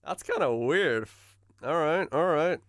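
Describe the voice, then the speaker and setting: A man's voice: fairly high pitch, lively intonation, unhurried, a bit bright, dry recording, clean studio sound. A man streaming live, reading game notes aloud and musing over them, trailing off and restarting mid-thought. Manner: muses aloud, trails off and restarts, swears in surprise.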